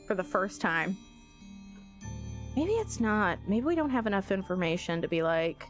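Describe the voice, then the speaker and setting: A woman's voice: lowish voice, moderate pace, faint music behind. A young woman streaming a game, chatting with viewers, telling stories and thinking aloud in a giggly way. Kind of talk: casual live-stream chat.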